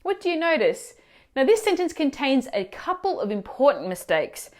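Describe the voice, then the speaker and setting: A woman teacher explaining grammar mistakes in clear, instructive scripted narration, asking the viewer questions. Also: high-pitched, sing-song, moderate pace, a little mellow. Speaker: language teacher.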